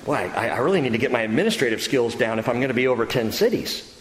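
A man's voice: mid-range voice, animated, fast talker, voice pushed down, lightly acted. A man voicing a stammering, anxious churchgoer. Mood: fretting. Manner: hesitant, stammering. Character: anxious churchgoer fretting over future duties. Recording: echoey hall reverb.

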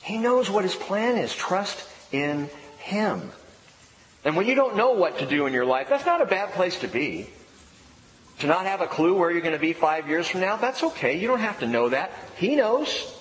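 A man's voice: sits high, very animated, normal speed, slight background noise. Emphatic preacher man in an echoey hall. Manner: emphatic, repeats key phrases. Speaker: pastor. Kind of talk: sermon. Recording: echoey hall with faint ambience.

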